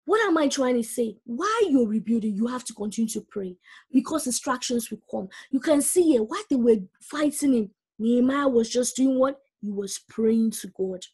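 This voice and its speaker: A woman's voice: fairly high pitch, lively intonation, moderate pace, warm tone, slightly rough. A woman preaching a sermon, reading scripture aloud and urging her listeners directly.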